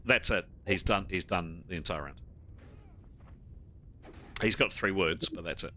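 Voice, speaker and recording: Guy running a tabletop game, low sharp voice, keeps stumbling over his words, faint music behind. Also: dull audio. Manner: halting, repeats words while ruling. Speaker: game master.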